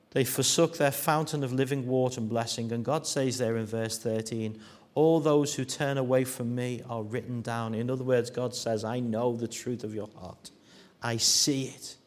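A man preaching a sermon, dropping to hushed tones and rising to loud, acted-out quotes. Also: mid-range voice. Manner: dramatic shifts from hushed to loud, acting out quoted voices.

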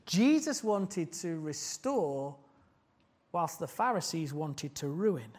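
A man's voice: fairly high pitch, very animated, takes it slowly, a little mellow, slightly rough. A man preaching a sermon, earnest and putting questions to the congregation.

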